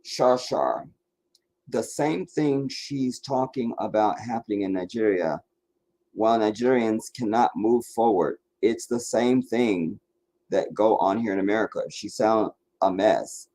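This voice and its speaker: A man hosting a live stream and answering viewers' comments, talking bluntly and emphatically, dropping to low mutters and rising to insistent points. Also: measured pace, dark tone. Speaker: livestream host answering chat. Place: sitting in front of a camera for a live stream.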